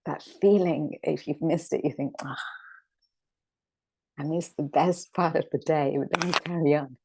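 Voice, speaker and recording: Low, slow, gravelly woman teaching. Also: fairly even intonation, a little mellow, low-quality recording. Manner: reflective, repeats key words. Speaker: spiritual teacher. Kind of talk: scripture discussion class.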